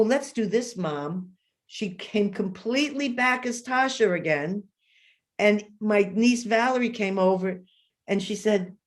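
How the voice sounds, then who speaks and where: A woman in her fifties, a guest in an interview, telling a long personal story in an animated way and acting out the voices she quotes. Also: on the low side.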